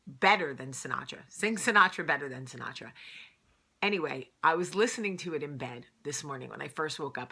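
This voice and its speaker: Low-voiced chatty New Jersey woman. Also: bright, forceful tone. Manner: chatty, rambling, self-mocking, laughs often. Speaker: vlog host. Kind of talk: casual morning chat to camera.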